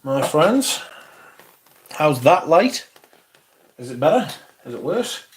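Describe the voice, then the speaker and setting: Tidying his room while livestreaming, a man chats to viewers in a slow, sing-song voice on the higher side. He swears, hams it up theatrically and mutters complaints to himself, with slight background noise behind him.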